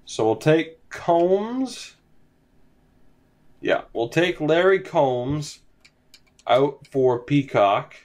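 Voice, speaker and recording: A slightly high, a little mellow male voice with lively intonation draws out its words and pauses often. The young man is casually commentating his hockey video game franchise at home, let's-play style, and he sighs, yawns and turns resigned as his team loses.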